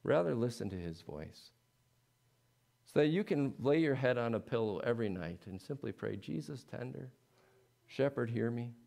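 A male pastor preaching a sermon in an earnest way, swelling into emphatic pleading and then dropping soft. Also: medium pitch, animated, moderate pace, gravelly.

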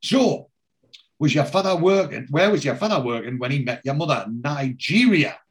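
A man's voice: a little high, expressive, normal speed, close to an everyday voice. A man voicing a brash, boastful middle-aged builder while retelling a scene. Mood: matey.

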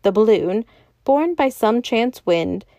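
A woman podcast storyteller reading a classic novel aloud in a calm, even voice. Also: fairly high pitch, takes it slowly, no room sound. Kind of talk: scripted narration of a classic novel.

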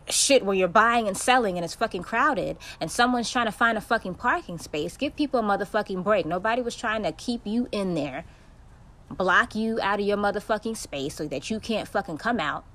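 A woman's voice: medium pitch, animated, normal speed, fairly bright tone. A young woman hosting a podcast, ranting bluntly and profanely in a casual monologue. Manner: profane, blunt, heated storytelling. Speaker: podcast host.

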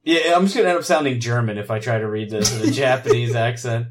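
A man's voice: mid-range voice, quick pace. A man co-hosting a podcast in casual chat, laughing often and swearing freely. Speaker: podcast co-host.

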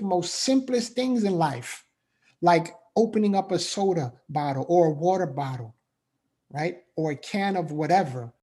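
Man with a slightly higher voice, earnest, emotional faith-based motivational speaker. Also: a little mellow. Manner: earnest, repetitive, emphatic, frequent "right?".

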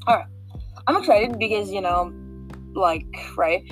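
A woman's voice: mid-range voice, lively intonation, a little slow, soft background music, rough recording. A woman guiding listeners through a game mission in casual, rambling chat, full of fillers and restarts. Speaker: game walkthrough guide.

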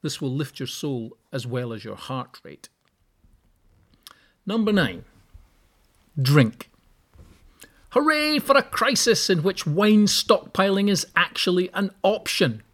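A man's voice: sits high, big pitch swings, slow pace, long pauses, a bit bright. A man hosting a solo podcast, giving practical tips with wry, joking asides. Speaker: podcast host. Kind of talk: solo podcast advice talk.

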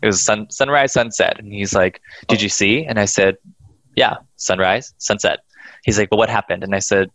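On a podcast, a man casually tells a ghost story with lots of energy, cursing freely and doing the voices of the characters. His voice is lowish, he talks fairly quickly, and there's no echo.

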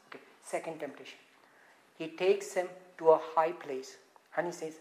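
A woman preaching a sermon, animated and full of rhetorical questions, swinging from loud, excited stretches to quiet ones. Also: lowish voice, fairly quick, reverberant, a little hiss or hum, low-quality recording.

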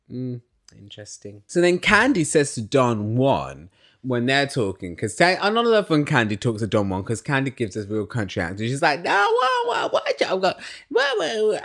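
A man hosting a casual reality TV recap, talking in an opinionated way and swearing often. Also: lowish voice. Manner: animated, opinionated, swears a lot.

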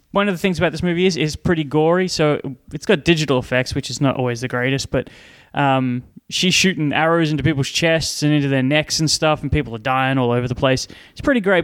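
A man's voice: fairly high pitch, clean tone. A man recapping a movie in casual chat, joking and swearing as he goes. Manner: profane, joking, animated recounting. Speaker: podcast co-host.

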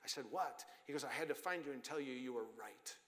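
A middle-aged man preaching a sermon with passion, swinging from loud emphasis down to hushed, whispered lines. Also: mid-range voice, a little fast. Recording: long hall reverb with faint music.

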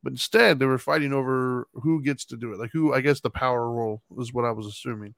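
A man's voice: mid-range voice, quick pace, gravelly, no room sound. A middle-aged man telling a story in a casual chat, laughing as he goes and acting out other people's lines. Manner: animated, laughs while telling, acts out his kids' lines. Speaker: podcast co-host.

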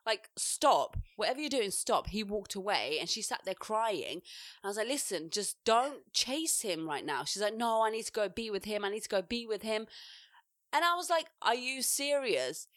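A young woman co-hosting a podcast, telling animated stories and acting out what people said in casual chat. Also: mid-range voice, normal speed, dry recording, clean studio sound. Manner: animated storyteller, acts out quotes loudly. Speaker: podcast co-host.

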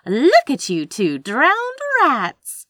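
A woman reading a story aloud and voicing a cheerful, fussing middle-aged landlady who talks loudly and excitedly in a high voice. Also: a little slow, slightly rough, no room sound, clean studio sound, heavily acted.

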